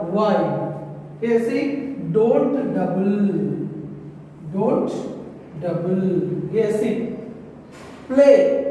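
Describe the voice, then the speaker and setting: A man's voice: very high-pitched, a little mellow, slight background noise. A male English teacher explains grammar rules step by step, saying each example word twice. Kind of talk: grammar lesson. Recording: echoey room, voice far from the mic.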